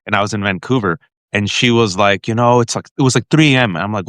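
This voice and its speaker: A man hosting a show and telling an emotional family story to his guest with animated energy, often restarting his sentences. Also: on the low side, fast talker, no echo. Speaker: podcast host. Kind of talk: heartfelt personal storytelling to a guest.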